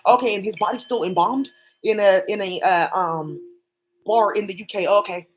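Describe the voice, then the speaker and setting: A woman talks alone on a livestream, rambling and swearing as she hops between topics. Her mid-range voice moves a little fast, with background noise behind her.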